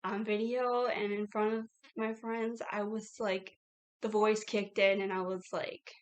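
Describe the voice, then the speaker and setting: Slow-talking woman, candid vlog chat. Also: mid-range voice, level tone. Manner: reflective, heavy "like" fillers, laughs between thoughts. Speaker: YouTuber. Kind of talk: casual confessional vlog talk.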